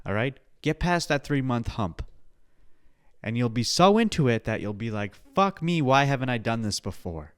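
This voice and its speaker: A man hosting his own podcast alone, rambling in a profane pep-talk style with sudden loud outbursts. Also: mid-range voice, sing-song, moderate pace, clear, resonant tone, no echo. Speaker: podcast host. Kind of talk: casual solo podcast chat.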